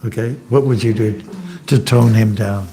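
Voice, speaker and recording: A monk giving an informal scripture class in a temple hall, telling anecdotes, joking and quizzing the audience. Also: male voice, lowish voice, steady tone, normal speed, noisy background. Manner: chatty and joking, asks the audience questions.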